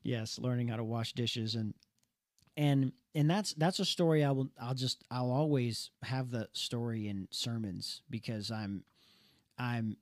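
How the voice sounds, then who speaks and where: A young podcast co-host on a casual talk show tells a personal story, earnest and animated, stumbling and restarting along the way. His voice is an ordinary middle pitch at a slightly slow pace, recorded dry and close with no room sound.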